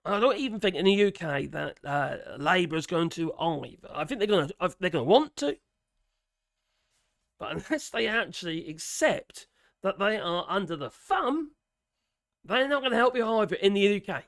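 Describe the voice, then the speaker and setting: Speaking in a Norfolk accent, this man delivers a casual opinion rant for his vlog, cursing and laughing along the way through strained, worn vocal cords. His fairly bright voice sits high, is expressive and creaky with vocal fry, and keeps a moderate pace. It's clean studio sound without any room tone.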